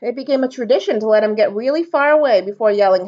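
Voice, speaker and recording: Woman, storytime reader, expressive, lively pitch, lo-fi recording. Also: fairly quick, few pauses. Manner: expressive, animated. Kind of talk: reading a storybook aloud. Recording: dull lo-fi recording.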